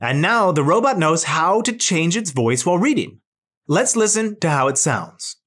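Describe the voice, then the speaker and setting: A teacher narrates a children's lesson, speaking slowly and clearly. The voice swoops up and down with bouncy, animated intonation. The tone is encouraging and is pitched to keep young kids listening.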